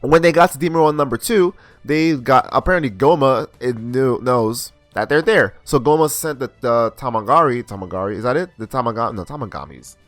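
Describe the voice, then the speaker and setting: A man's voice: medium pitch, fairly quick, few pauses, a bit bright, no echo, faint music behind. A young man recapping and reviewing an anime episode in a casual, rambling way, full of slang and restarts.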